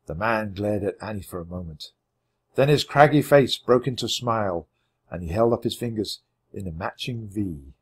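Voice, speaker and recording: Man, children's book narration, husky, lively pitch, expressive storytelling. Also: moderate pace. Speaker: audiobook reader.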